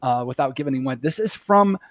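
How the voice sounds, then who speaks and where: A man's voice: medium pitch, animated, fairly quick. A man hosting a casual podcast, chatty and full of filler words. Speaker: podcast host.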